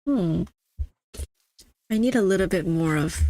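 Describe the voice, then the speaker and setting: A woman's voice: lowish voice, lively intonation, a little slow, warm tone, no echo. A young adult woman streaming a game, chatting casually and teasing her chat with mock-snobby banter. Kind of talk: casual live-stream chatter while gaming.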